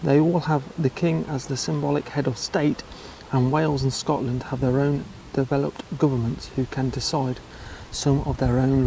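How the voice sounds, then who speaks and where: A man's voice: mid-range voice, gravelly, warm tone, a little hiss or hum, poor audio. An English man talking casually in a vlog, with dry, chatty asides. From England. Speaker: travel vlogger.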